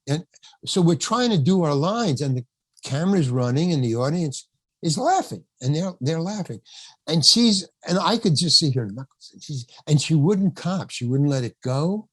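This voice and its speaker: A man's voice: fairly high pitch, animated, moderate pace, no room sound. An older man, an actor, telling a rambling backstage story in a podcast interview, acting out the quotes, laughing often and swearing now and then. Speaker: actor guest.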